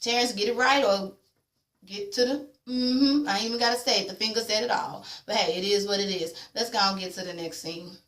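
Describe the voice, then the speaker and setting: A woman's voice: mid-range voice, brisk, fairly bright tone. A woman vlogger recapping a TV episode in casual, blunt and opinionated chat with slang. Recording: echoey room.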